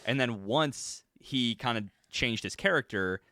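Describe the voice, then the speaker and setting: Laid-back guy thinking out loud on a podcast, bright voice, dry sound. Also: medium pitch, animated, a little slow, dry recording. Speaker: podcast guest. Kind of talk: casual anime chat.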